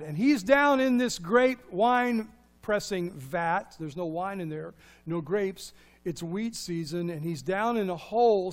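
A man preaching a sermon, animated and full of rhetorical questions, moving from loud to hushed. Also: high-pitched. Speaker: pastor.

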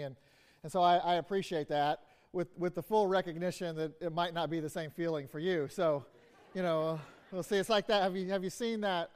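Male guest preacher, high voice, halting sermon delivery with frequent restarts and fillers. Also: darkish tone, clear, resonant tone.

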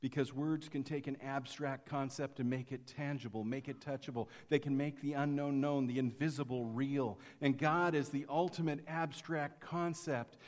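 A man, a pastor, preaching a sermon that moves from quiet passages to emphatic ones. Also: medium pitch, fairly even intonation, moderate pace, few pauses. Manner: dynamic, swinging from quiet to emphatic. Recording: long church reverb.

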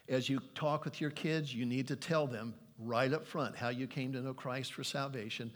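An older man preaching a sermon, earnest and pleading, reading scripture aloud with emphasis. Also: medium pitch. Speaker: pastor.

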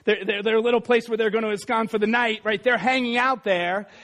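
Very high-pitched man giving a conversational sermon, joking aside to the crowd. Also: fairly even intonation, brisk, a bit bright. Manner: chatty, self-deprecating, many asides. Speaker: preacher.

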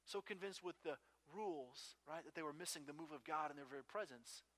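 A man's voice: fairly high pitch, fairly quick, fairly bright tone. A man preaching a sermon as a pastor, telling a personal story in a conversational way and often checking in with "right?".

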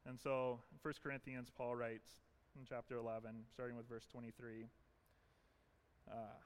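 A man's voice: medium pitch, little pitch movement, moderate pace. A man pastor preaching an earnest, emphatic sermon in a church, leaning on repetition.

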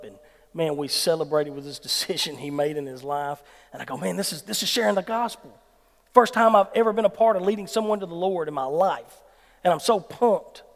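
A man with a Southern American accent preaching a sermon as an animated storyteller. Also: fairly high pitch. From Mississippi, US South. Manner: animated storyteller who acts out quoted people. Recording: long hall reverb.

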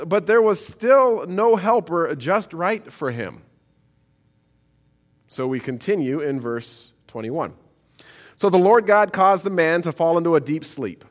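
Male preacher, high voice, very animated delivery, chatty Bible reading. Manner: expressive Bible reading, conversational asides. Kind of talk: sermon.

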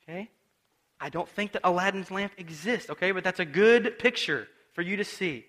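A man preaching a conversational sermon, telling the story in an animated way and putting direct questions to his listeners. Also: high-pitched, normal speed. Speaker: pastor.

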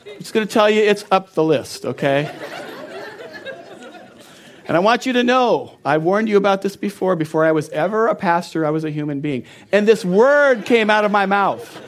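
A middle-aged man, a pastor, preaching a sermon in an earnest and personal storytelling way, often laughing. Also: high voice.

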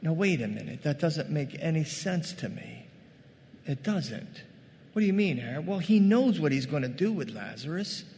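A man preaching a sermon, animated, acting out quoted voices and rising to loud bursts. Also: a little high, normal speed, big-room sound, slight background noise. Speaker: pastor.

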